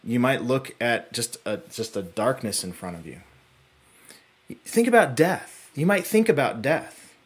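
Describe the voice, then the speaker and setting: A man preaching a sermon as pastor, earnest, his phrases dropping to a hush and then building to urgent peaks. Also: big pitch swings, measured pace, husky. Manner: earnest, swinging between hushed low phrases and rising urgent peaks.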